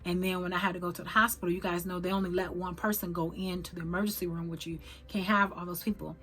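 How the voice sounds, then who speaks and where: A middle-aged woman telling a personal story to her viewers, halting and emotional, with many fillers and restarts. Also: on the low side, level tone, fairly bright tone. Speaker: vlogger.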